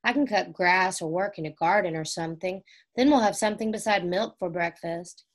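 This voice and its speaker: A woman reading aloud, voicing a responsible older brother in a children's storybook, steady and determined. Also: on the low side, fairly quick, close to an everyday voice.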